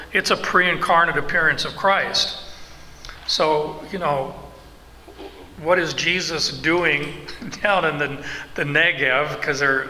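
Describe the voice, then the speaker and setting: Bright-voiced preacher in a reverberant hall. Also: male voice, a little high. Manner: slow, emphatic, with asides and restarts. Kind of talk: expository sermon. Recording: long hall reverb, faint background noise.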